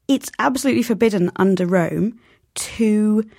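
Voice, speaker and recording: A woman's voice: medium pitch, normal speed, vocal fry, darkish tone, no echo, clean studio sound. A woman, a novelist, talking animatedly as an interview guest and acting out quoted voices. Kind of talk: conversational interview.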